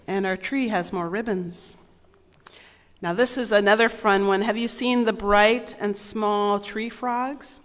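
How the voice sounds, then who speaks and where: A woman's voice: medium pitch, steady tone, slow pace. A woman reading a picture book aloud to children at a church service, playful and asking them questions. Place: large sanctuary. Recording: long reverb in a large hall.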